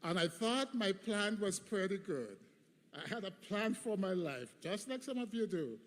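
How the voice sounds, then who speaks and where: At a graduation ceremony, a commencement speaker in his fifties preaches his address emphatically, repeating phrases rhythmically. He has a high-pitched, sing-song voice and a slightly slow delivery, with long reverb from the large hall.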